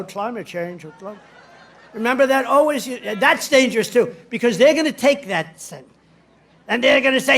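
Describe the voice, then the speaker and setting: A man's voice: extremely high pitch, normal speed, a bit bright. A man giving a rally speech in a rambling, boastful, digressive way. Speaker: politician addressing a rally.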